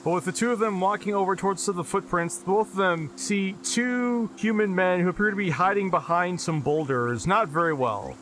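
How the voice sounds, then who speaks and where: A man narrating as game master of a tabletop game, with even descriptions and dry asides. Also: high-pitched, moderate pace, few pauses, slight background noise.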